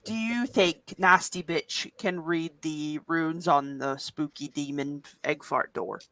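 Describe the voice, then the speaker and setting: A woman's voice: sits low, slow pace, fairly bright tone. A woman playing in a tabletop game, joking playfully with the group. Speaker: player. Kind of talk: casual chat at a game table.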